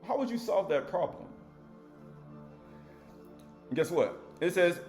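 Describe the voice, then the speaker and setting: A man's voice: high voice, lively intonation, measured pace, long pauses, a little mellow, roomy sound, faint music behind. A man preaching a Sabbath sermon in a loose, conversational way, rising to emphatic readings of scripture.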